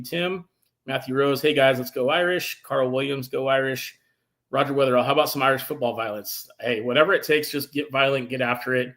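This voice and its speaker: Enthusiastic man hosting a sports show. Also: mid-range voice. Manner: enthusiastic, animated fan. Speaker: podcast host. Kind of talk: casual sports talk, reading viewer comments.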